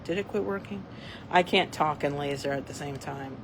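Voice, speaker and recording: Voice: medium pitch, moderate pace, background noise. A speaker giving a casual, rambling update full of fillers and restarts while playing with cats using a laser pointer. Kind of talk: casual chat.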